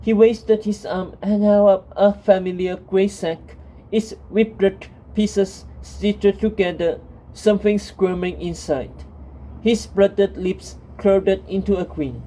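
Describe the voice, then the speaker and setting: A woman narrates a fantasy story in a calm, steady reading voice. She takes her time with each line, and her tone is dark and mellow. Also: medium pitch, takes it slowly, rough recording.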